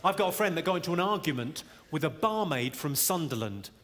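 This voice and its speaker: A man performing a stand-up routine, delivering deadpan one-liners and teasing the crowd. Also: fairly high pitch, brisk. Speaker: stand-up comedian. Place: comedy venue stage. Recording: reverberant venue audio with loud crowd noise.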